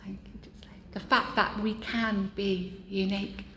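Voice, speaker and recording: A woman's voice: mid-range voice, level tone, measured pace, a bit bright, echoey room, whispered. A woman giving a candid, self-deprecating personal share at a support group meeting, speaking earnestly to the room. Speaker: meeting member sharing.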